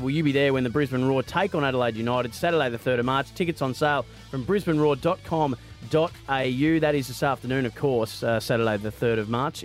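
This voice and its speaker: A man with an Australian accent hosting a radio quiz in a studio, chatty, joking and upbeat. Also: mid-range voice. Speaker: radio host.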